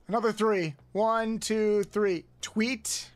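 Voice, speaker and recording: A woman's voice: medium pitch, slow, dry recording. A woman streamer chatting casually with her viewers, counting exercise reps aloud and grumbling and joking between sets. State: doing exercises between lines. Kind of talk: casual live-stream chat.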